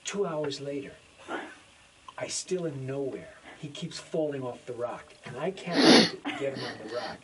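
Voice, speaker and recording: A man's voice: medium pitch, animated, moderate pace, few pauses, recorded from a distance, very noisy. A man in his sixties, a voice actor in a making-of interview, telling anecdotes animatedly and acting out the lines he quotes. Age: 60s. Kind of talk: casual interview storytelling.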